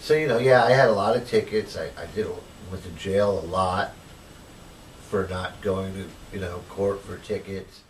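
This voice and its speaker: A man with a fairly low voice recalls his own life story in a loose, rambling way, dotting it with "you know" and acting out old conversations. He sits a little away from the microphone, and a faint hiss runs under his words. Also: fairly even intonation, normal speed, recorded from a distance, low-quality recording. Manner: rambling, full of "you know" and retold dialogue. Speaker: formerly homeless interviewee. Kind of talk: personal storytelling in an interview.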